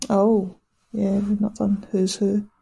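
Dry wry film chat, gravelly husky voice. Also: medium pitch, level tone, slow pace, mellow. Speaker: podcast co-host discussing a film. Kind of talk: casual chat.

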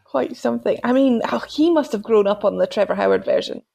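Giggly woman with a gravelly edge. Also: on the high side, a little fast, mellow. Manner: teasing, dry, giggly. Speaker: podcast co-host. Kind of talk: casual film review chat.

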